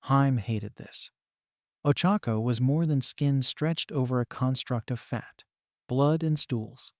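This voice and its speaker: A man reading a fan fiction story aloud as narrator, in an even, steady manner. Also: mid-range voice, takes it slowly, no room sound, studio quality.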